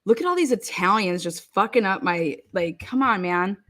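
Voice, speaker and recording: A woman's voice: mid-range voice, normal speed, a bit bright. A woman telling stories in casual chat, swearing freely, laughing often and filling her talk with "like". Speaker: online commentator. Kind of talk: casual profane storytelling.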